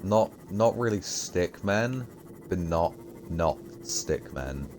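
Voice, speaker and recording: Young male streamer, deep and unhurried, giggly, casual chat, faint noise. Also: lively intonation. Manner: rambling, giggly, loose. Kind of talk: casual gaming commentary.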